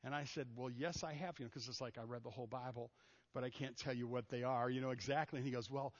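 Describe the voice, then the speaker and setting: A man preaching a casual, lively sermon, acting out the people he quotes. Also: medium pitch, quick pace. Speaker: pastor. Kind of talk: conversational sermon. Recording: muffled sound in a reverberant hall.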